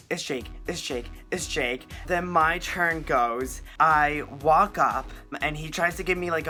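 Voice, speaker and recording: Gushing young man, bright voice. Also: a little high. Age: young adult. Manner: excitable, gushing, fast bursts of retelling. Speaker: vlogger. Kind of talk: casual storytime vlog.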